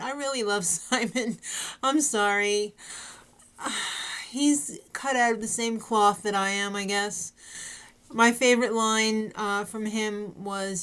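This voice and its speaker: A woman talks her way through a casual recap, tossing in sarcastic asides and frequent "uh"s. Her voice sits a little high. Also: sharp tone, smooth. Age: adult parent. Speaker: recap vlogger.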